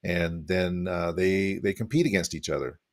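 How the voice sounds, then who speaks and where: Deep-voiced man, hesitant podcast talk. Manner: hesitant, fills pauses with "uh".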